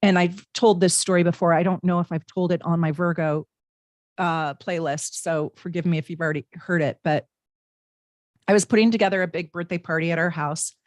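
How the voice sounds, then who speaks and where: A woman's voice: lowish voice, fairly even intonation, brisk, darkish tone, no echo. A middle-aged woman giving a live tarot reading in a chatty, emphatic way, blunt and sometimes swearing. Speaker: astrologer and tarot reader.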